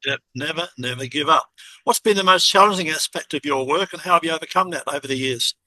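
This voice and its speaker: A man's voice: fairly high pitch, quick pace, bright, forceful tone, dry recording, poor audio. A man hosting an interview, cheering on his guest with short upbeat affirmations and questions. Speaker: interview host.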